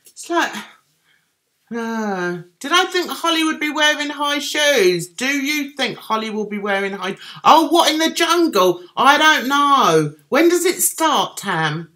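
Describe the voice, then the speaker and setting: Her voice sits high, bright and forceful, sing-song and a little slow: a middle-aged Cockney woman from London chatting casually on a livestream. She picks up viewers' comments and replies to them.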